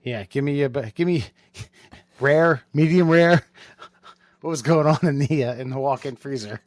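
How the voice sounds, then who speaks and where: A man on a comedy podcast who rambles and restarts his sentences, mixing swearing with dark humor. He sits at a middle pitch. The sound is dry and close to the mic. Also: a little slow, no echo. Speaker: podcast co-host. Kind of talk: casual comedic chat.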